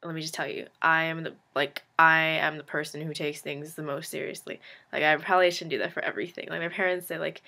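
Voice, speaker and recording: A vlogger in her late teens delivers a casual confessional monologue to camera in a low, creaky, sharp voice that is fast and fairly even in intonation. She rambles, puts herself down, peppers her speech with "like," and throws in frank, sarcastic asides.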